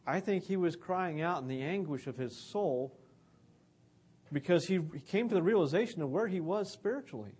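Guy preaching, kinda husky voice, earnest and chatty. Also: high voice, lively intonation, normal speed, a little mellow. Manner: earnest, conversational. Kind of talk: conversational sermon on scripture.

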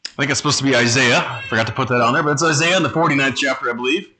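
A man preaching a sermon, reading scripture aloud slowly and low, then explaining it in a conversational way. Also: pushed and bright, slight background noise, rough recording.

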